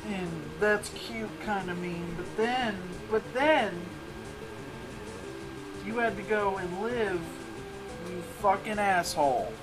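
A let's play host chats casually through his game, sarcastic and quick to swear. His voice sits a touch high for a man. Game music plays clearly underneath him. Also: low-quality recording. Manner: sarcastic, profane, muttering asides. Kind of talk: casual gameplay commentary.

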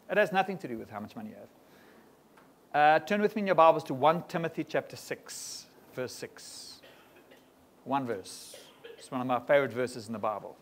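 A man preaching a sermon to a congregation in a lively style, often tagging on quick questions to the room. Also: fairly high pitch, slight background noise. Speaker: pastor. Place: church hall before a congregation.

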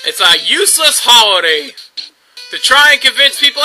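A young man hosting a gameplay video, ranting sarcastically and mocking others in squeaky put-on voices. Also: big pitch swings, normal speed, sharp tone, soft background music, poor audio. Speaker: gaming video host.

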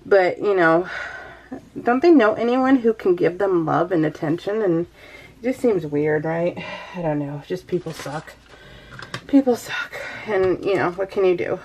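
A young woman talks through a head cold, her voice congested and stuffy. She chats loosely and rambles, pausing now and then for a tired sigh, like a hobby vlogger talking to her viewers. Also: on the low side, darkish tone, a little hiss or hum, rough recording. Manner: chatty, rambling, sighs often. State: stuffed up from the flu. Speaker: scrapbooking vlogger. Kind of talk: casual chat while crafting.

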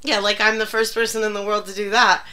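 A woman's voice: mid-range voice, level tone, fast, bright, forceful tone. A woman streaming live, panicking, swearing and laughing in fits.

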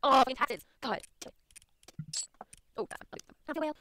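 A woman doing let's play commentary, reading game text aloud, excitable and swearing freely. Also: high-pitched, normal speed. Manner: excitable, swears freely, bursts into squeals and laughs.

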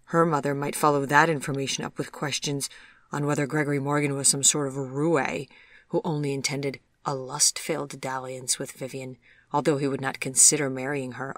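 An audiobook narrator reading a storybook tale in a gentle, measured, even manner. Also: medium pitch, no echo.

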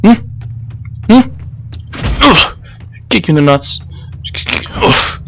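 A man doing let's play commentary, excitable, swearing and yelping when startled. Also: sits high, drawn-out words, creaky, long pauses, a little hiss or hum. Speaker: gamer.

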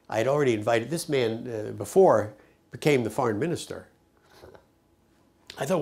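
An older man recounting his peace work in a lively storytelling manner, acting out the voices of the people he quotes. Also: medium pitch, normal speed, creaky, pauses often. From United States. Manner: animated storyteller, acts out quoted speech. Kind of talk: personal storytelling to camera.

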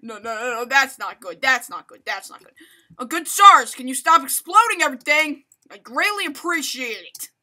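Woman, game commentary host, rambling and self-mocking, lively sing-song range. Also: high-pitched, moderate pace. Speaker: gaming channel host. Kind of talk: live gameplay commentary.

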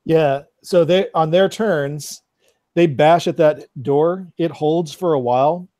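Relaxed, halting game master. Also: male voice, on the high side, dry recording. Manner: relaxed, halting, searching for words. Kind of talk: narrating a tabletop game. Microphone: online voice call.

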